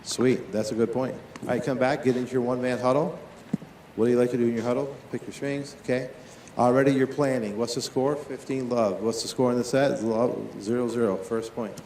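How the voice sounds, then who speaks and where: A man teaching tennis in a live on-court demonstration, talking to his players and to watching coaches with quick, lively questions. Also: mid-range voice, echoey room, slight background noise.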